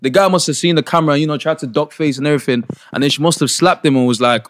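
A man's voice: fairly high pitch, rapid-fire. A young man co-hosting a podcast, arguing his point in slangy casual chat and talking over the others. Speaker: podcast co-host.

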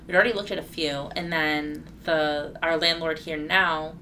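A woman's voice: low-pitched, steady tone, moderate pace, sharp tone, a little hiss or hum, poor audio. A woman co-hosting a podcast in casual chat, chiming in with short asides and finishing her partner's sentences. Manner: chimes in with short asides and laughs. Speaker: podcast co-host.

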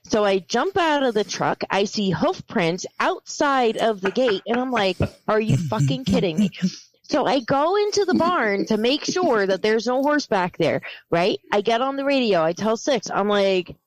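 A woman co-hosting a podcast, telling profane, animated stories in casual chat. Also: a little high, normal speed, hardly any pauses, poor audio. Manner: animated, profane, laughing storyteller. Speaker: podcast co-host.

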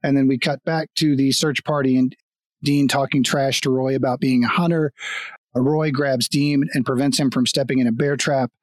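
A man's voice: medium pitch, steady tone, moderate pace, no room sound. A man co-hosting a casual chat, recapping a TV episode in a loose, profane way with laughs mixed in. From Kansas. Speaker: podcast co-host.

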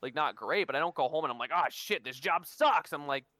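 A man telling workplace stories in a casual podcast chat, animated and swearing freely. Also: fairly high pitch, brisk, no echo. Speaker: podcast co-host.

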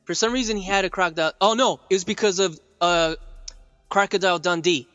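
A man's voice: sits high, fast, a bit bright, dull audio, faint music behind. A man co-hosting a podcast in casual chat, rambling with many fillers and laughing often. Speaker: podcast co-host and dinosaur artist.

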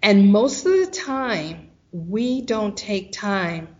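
Animated woman telling a personal story. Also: medium pitch, slow pace, highs cut off. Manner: animated, acts out quoted voices. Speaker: guest.

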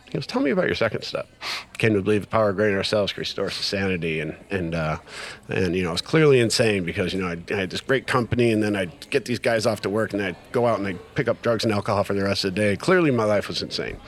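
A man's voice: on the low side, fast. A middle-aged man telling a personal story in casual conversation, acting out quoted dialogue with lots of fillers. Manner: animated retelling with quoted dialogue, many fillers. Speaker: guest sharing recovery story.

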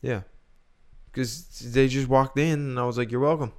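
A young man co-hosts a podcast in casual chat, rambling, restarting, and musing aloud as he thinks. His mid-range voice is steady, darkish, and clean, and he speaks a little slowly.

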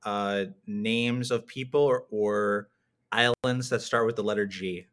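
Male quiz host, steady matter-of-fact delivery, casual podcast. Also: fairly low pitch, unhurried, smooth. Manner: plain, steady, reads out lists.

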